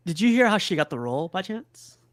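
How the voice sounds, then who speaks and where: A man's voice: sits high, big pitch swings, fairly quick, no echo. A man co-hosting a casual movie chat, chatty and giggly, telling stories. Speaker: co-host of a movie watch-along.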